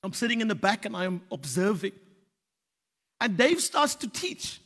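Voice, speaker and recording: A man preaching a sermon, telling stories animatedly and building to shouted exhortation. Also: high voice, very animated, normal speed, slightly rough. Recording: reverberant church hall.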